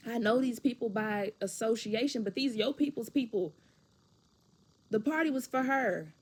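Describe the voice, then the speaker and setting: A woman's voice: fairly high pitch, a little fast. A woman telling a personal story to camera in a frank, conversational way, often restarting and repeating phrases.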